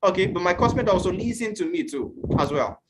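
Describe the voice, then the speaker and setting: A man from Nigeria teaching an online class, earnest and questioning, at times acting out shouted quotes. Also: high voice, lively intonation, fairly quick, background noise. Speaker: youth teacher.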